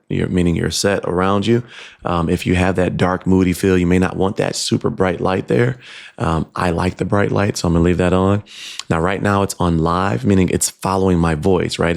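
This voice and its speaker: Low, gravelly-voiced man as a relaxed home-studio tech reviewer, casual and explanatory, full of ums. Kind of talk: casual product demo. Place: home studio with computer fans nearby. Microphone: dynamic USB/XLR desk mic, switching to camera shotgun mic.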